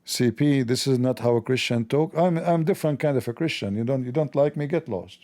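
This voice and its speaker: Warm and mid-range, his voice moves a little fast as he hosts a livestream. He fires back at chat with combative sarcasm and mockery, speaking English with non-native grammar.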